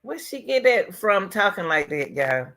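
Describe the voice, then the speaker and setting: Speaking unhurriedly in a mid-range, fairly bright voice with big pitch swings, this commentary channel host talks casually about a news case. She is emphatic, repeats her points and addresses viewers directly.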